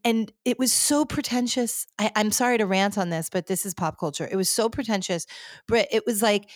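A woman hosts a casual podcast and rants animatedly, her talk full of fillers. Her voice is mid-pitched and close, with a dry, dead sound. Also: moderate pace, no room sound. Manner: animated ranting, lots of "like" fillers. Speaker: podcast host. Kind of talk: casual chat.

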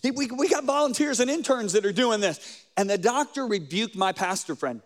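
High-voiced male preacher telling stories. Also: animated, normal speed. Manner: storytelling, quoting others, rhetorical questions. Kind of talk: sermon with stories.

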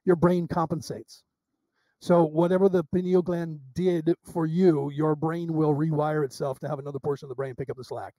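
A psychic medium guest, a high-voiced man, tells animated stories in a casual interview, acting out quoted dialogue and restarting sentences. He speaks at a moderate pace with no echo.

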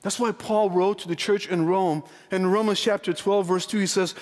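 A pastor with a high, steady-toned voice preaches an earnest, emphatic sermon, firing pointed rhetorical questions at his listeners. Whenever he quotes scripture, he slows down and drops low. A long hall reverb makes his voice ring.

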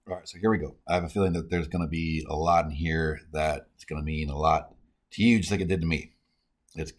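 A man hosting a podcast, teaching casually and earnestly on prayer and reading scripture in a conversational way. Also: extremely low pitch. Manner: earnest, conversational, with many "like" and "all right" fillers.

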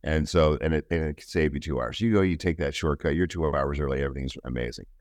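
A man with an extremely low, deep voice speaks as an interview guest, recounting something personal in an earnest way. He often stops and starts over mid-sentence. The sound is dry and close, with no room echo. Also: darkish tone. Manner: earnest, halting, with many restarts. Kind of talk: personal storytelling in conversation.

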